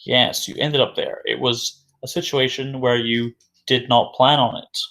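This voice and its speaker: A male English teacher talks through a vocabulary lesson at an unhurried pace. His voice sits at an ordinary middle pitch. He repeats each new phrase and answers his own questions in a patient, measured way. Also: little pitch movement, bright, forceful tone. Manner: slow and deliberate, repeating key words; asks questions then answers them himself.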